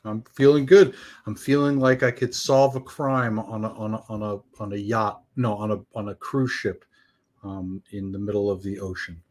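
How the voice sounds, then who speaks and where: A man's voice: lowish voice, steady tone, moderate pace, a little mellow. A male podcast co-host in casual conversation. He often stumbles into his sentences with fillers and restarts. His tone stays playful and joking. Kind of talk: casual pop culture chat.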